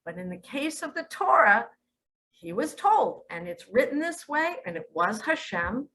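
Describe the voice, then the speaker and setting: A woman speaking as a spiritual teacher in a religious monologue, emphatic, with sudden loud and hushed turns. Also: fairly high pitch, very animated, a little slow, low-quality recording.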